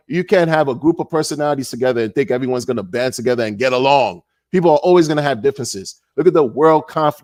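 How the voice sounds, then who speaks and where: A man ranting in a casual monologue, animated and sarcastic, repeating words and laughing often. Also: medium pitch, no echo, studio quality. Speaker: crypto commentator.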